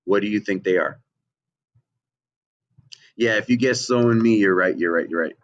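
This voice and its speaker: A man leads a children's music lesson over a computer mic, his speaking voice low and patient. He keeps checking in with his young students after every step. The audio is dull and lo-fi. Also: normal speed. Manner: patient, repeats "okay?" often, checks in with the children. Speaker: music teacher.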